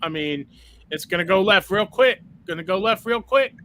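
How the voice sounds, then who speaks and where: A man's voice: high voice, expressive, moderate pace, bright, forceful tone, a little hiss or hum. A man on a casual panel chat who speaks in an easygoing way and often agrees briefly. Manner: easygoing, frequent short agreements.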